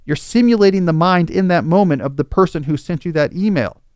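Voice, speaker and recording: A man's voice: sits high, fairly quick, darkish tone, clear, resonant tone, dry recording, clean studio sound. A man hosting a podcast, explaining advice in a reasoned, conversational way. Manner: reasoned, conversational, acts out quoted scenarios. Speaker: podcast host.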